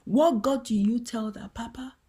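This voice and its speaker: A woman giving a devotional teaching talk in a gentle, earnest and heartfelt way. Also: a little high, normal speed. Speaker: Christian teacher.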